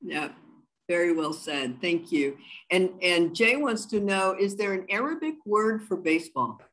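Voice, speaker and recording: A woman moderating a conference panel over a video call, asking questions and giving quick affirmations. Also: fairly low pitch, animated, a bit bright, poor audio.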